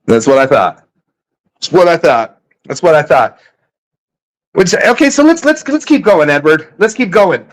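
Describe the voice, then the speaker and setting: A man's voice: a little high, very animated, a little slow, long pauses, no echo. A man arguing heatedly on a voice call panel, stammering and repeating himself as he talks over others. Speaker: panel speaker. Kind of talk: heated argument on an online voice panel.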